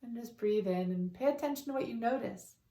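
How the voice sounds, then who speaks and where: A woman guiding a meditation in a calm, soothing way, leading breaths and repeating affirmations. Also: a little high, fairly quick. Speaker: meditation guide. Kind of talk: guided meditation. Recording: roomy, distant from the mic.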